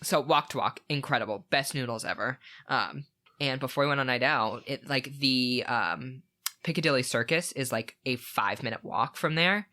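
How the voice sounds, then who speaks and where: A man's voice: medium pitch, normal speed, pushed and bright. A young man co-hosting a podcast, telling a story in a rambling, enthusiastic way with plenty of filler words. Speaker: podcast co-host. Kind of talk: casual chat.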